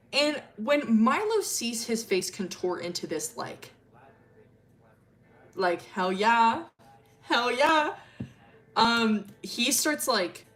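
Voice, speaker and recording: A woman's voice: fairly high pitch, fairly bright tone. Giggly young woman telling a story. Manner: giggly, rambling, lots of fillers. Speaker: streamer. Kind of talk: casual storytelling on a stream.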